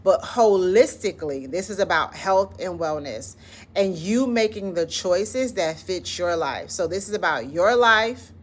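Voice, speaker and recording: A woman's voice: lowish voice, animated, unhurried. A woman with a Southern US accent, founder of an educators' wellness club, talking casually and encouragingly about self-care while guiding a breathing exercise, often saying "listen" and "like". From Southern United States. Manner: encouraging, conversational, drops in "listen" and "like".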